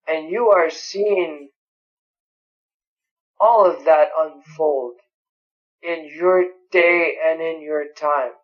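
Slow-talking preacher guy, kinda high voice, emphatic, dull lo-fi sound. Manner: emphatic, quotes scripture in several languages. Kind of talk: sermon. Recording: dull lo-fi recording.

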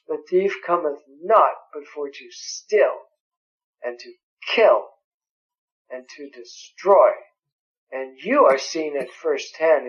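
A man preaching a sermon, emphatic and quoting scripture at length. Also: fairly high pitch. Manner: emphatic, quotes scripture in several languages. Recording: dull lo-fi recording.

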